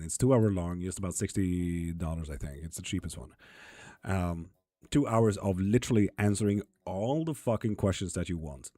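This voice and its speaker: A man's voice: lowish voice, dark tone, dry recording. A man reading viewer comments aloud and answering them in a casual livestream, swearing now and then. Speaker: tarot reader streaming live.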